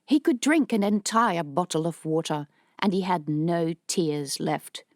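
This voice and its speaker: A woman narrating an audiobook in a steady, measured reading voice. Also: on the low side, no room sound, clean studio sound. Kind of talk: scripted narration.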